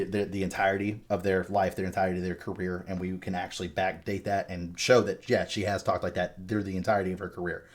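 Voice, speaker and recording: A man from the American South with a softened Southern accent, hosting a podcast discussion emphatically and swearing freely. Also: sits low. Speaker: podcast host.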